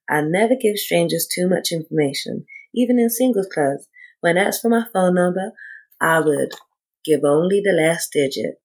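Gravelly-voiced woman reading a memoir. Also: low-pitched, rough recording. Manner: measured, deliberate reading with quoted dialogue. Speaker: narrator reading her own story. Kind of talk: first-person memoir reading.

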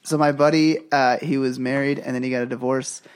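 A man co-hosting a casual podcast, telling stories in a joking, animated way. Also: medium pitch, brisk, clear, resonant tone. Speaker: podcast co-host.

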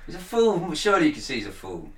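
A man's voice: fairly high pitch, huge pitch swings, fast talker, fairly bright tone, recorded from a distance. A British-born man co-hosting a chatty podcast, blunt and sarcastic, swearing freely as he argues his point. His voice sits in a roomy, echoey space and comes from a little way off the mic. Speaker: podcast co-host. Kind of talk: casual banter.

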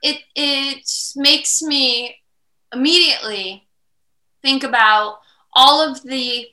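Bright, reflective woman guest in an echoey room. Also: high-pitched, takes it slowly. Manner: reflective, animated, mimics inner voices. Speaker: podcast guest. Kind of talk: conversational interview.

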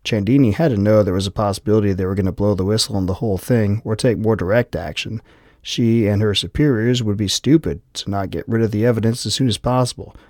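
A male audiobook narrator with a low voice, reading in a steady, even way. The sound is dry and close, with no room echo. He keeps the narration calm and clear. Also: fast talker. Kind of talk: scripted narration.

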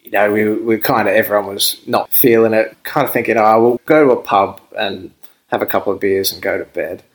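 A man's voice: on the low side, fairly even intonation, fairly quick, low-quality recording. A young Australian man, a podcast guest, telling a rambling story in casual chat and laughing as he goes. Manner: laid-back, rambling, laughs through his story.

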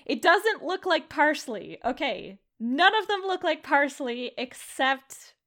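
A woman's voice: high-pitched, very animated, takes it slowly, a bit bright. A woman running a tabletop game, chatty and rambling, with many fillers. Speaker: game master.

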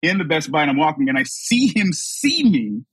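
A man guest on a podcast, telling a story in casual chat, animated and laughing often as he acts out the people in it. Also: a little high, normal speed, breathy edge.

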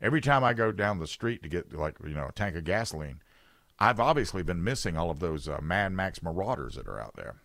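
A man's voice: deep voice, expressive, brisk, vocal fry, fairly bright tone, no echo, clean studio sound. Sarcastic, rambling man on talk radio. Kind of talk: opinionated talk radio chat. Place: radio studio.

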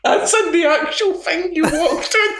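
A man's voice: extremely high pitch, measured pace, fairly bright tone, reverberant, slight background noise. A man guesting on a casual podcast, giggly and teasing.

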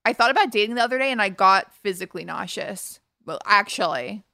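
A young woman, co-hosting a podcast and telling a story fast and animatedly. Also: medium pitch, expressive, gravelly, bright, forceful tone, dry recording, clean studio sound. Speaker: podcast co-host. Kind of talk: casual storytelling chat.

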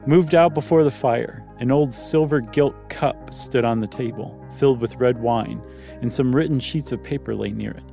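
A man's voice: mid-range voice, normal speed, creaky, warm tone, soft background music. A man reading a ghost story aloud, stopping now and then for joking comments. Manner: reads plainly, breaks off to joke and comment. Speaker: story reader. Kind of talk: casual storytelling with banter.

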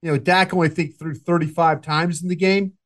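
Rambling middle-pitched football talker. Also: male voice, fairly even intonation. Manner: rambling, halting, many restarts and fillers. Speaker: podcast co-host, football analyst. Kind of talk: casual sports talk.

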